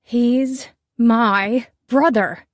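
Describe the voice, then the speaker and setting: A woman voicing a fierce, stubborn woman chef who talks loud and insistent. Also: on the high side, drawn-out words, no room sound, clean studio sound, pitched above the performer's own voice. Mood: combative. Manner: loud, insistent, sharp retorts.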